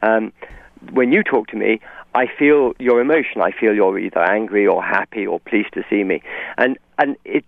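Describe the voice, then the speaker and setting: A man's voice: fairly low pitch, moderate pace, vocal fry, no room sound. A man with an English received pronunciation accent, a guest in a radio interview, articulate and discursive with frequent restarts. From England. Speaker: author guest. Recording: tinny phone line.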